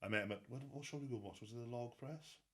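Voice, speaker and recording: A man's voice: medium pitch, racing, a bit bright, husky. A Welsh man telling stories in a casual interview, laughing and swearing freely. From Wales. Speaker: guest strongman athlete.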